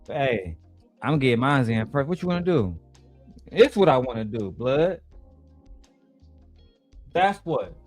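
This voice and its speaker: A man's voice: medium pitch, sing-song, unhurried, pauses often, a little mellow, soft background music. Blunt, mocking male show host. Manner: mocking, blunt, crude slang. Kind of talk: profane reaction commentary.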